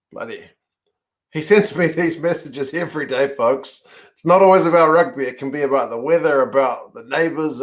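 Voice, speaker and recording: A male host making dry, wry asides to his audience during a casual watch-along chat. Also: mid-range voice. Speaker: show host.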